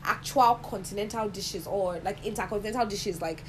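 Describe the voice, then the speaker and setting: A young woman with a Nigerian accent, chatting casually with blunt, quick reactions and some swearing. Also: mid-range voice, a crowd in the background, low-quality recording. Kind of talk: casual chat.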